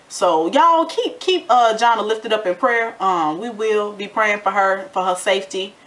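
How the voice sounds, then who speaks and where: Woman, sassy reality TV recap, chatty, mid-pitched voice. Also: moderate pace, hardly any pauses. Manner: animated, sassy commentary with acted-out quotes. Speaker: TV recap vlogger.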